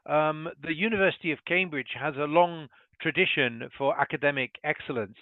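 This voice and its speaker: A British English teacher, a man, explaining pronunciation slowly and carefully over a video call. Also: on the high side, dry recording. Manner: slow, careful demonstration of each word. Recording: thin phone-like call audio.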